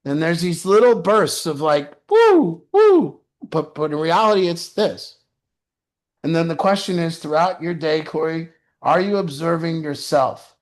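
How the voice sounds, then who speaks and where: Brief: recovery mentor, male, lively and profane, higher-pitched casual talker. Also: moderate pace. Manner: animated, swearing, frequent "you know". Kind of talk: casual advice talk.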